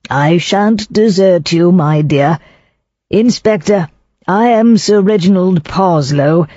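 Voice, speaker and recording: A narrator voicing an anxious, kindly elderly baronet who speaks gently and hesitantly. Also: medium pitch, takes it slowly, no echo, dull audio.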